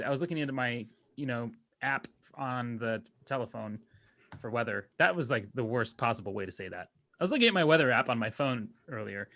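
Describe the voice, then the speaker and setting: A man's voice: medium pitch, pushed and bright. A man co-hosting a podcast in casual chat, joking and rambling, often stopping to correct himself. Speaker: podcast co-host.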